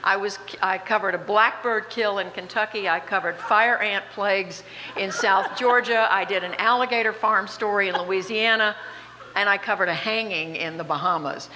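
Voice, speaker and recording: A woman in her seventies with a slight Southern accent, telling lively, self-deprecating stories as an honored guest on stage. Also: mid-range voice, normal speed. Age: 70s. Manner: animated, self-deprecating anecdotes with frequent laughs. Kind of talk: on-stage interview storytelling. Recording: reverberant hall with faint background noise.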